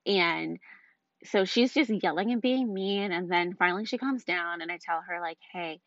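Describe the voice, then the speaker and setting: In a casual storytelling vlog, a woman with two small kids recounts her frustrating day at a moderate pace, her fairly low voice carrying a fairly bright tone. She's chatty and exasperated, leaning constantly on "like" and "um." The lo-fi audio sounds dull and dry, without echo.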